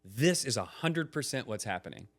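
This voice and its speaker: A man in his forties, a podcast guest, telling a story in casual chat, acting out quoted lines with bursts of energy. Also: moderate pace. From United States. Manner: animated, acts out quotes with rising pitch.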